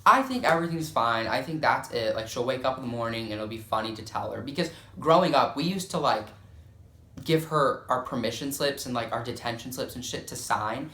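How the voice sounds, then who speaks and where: Young dude telling a crazy story, swears a lot, says like constantly, kinda echoey room. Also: male voice, medium pitch, lively intonation, a little fast, bright, forceful tone. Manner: profane, dramatic, filler-heavy storytelling. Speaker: storytime vlogger. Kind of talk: casual storytime.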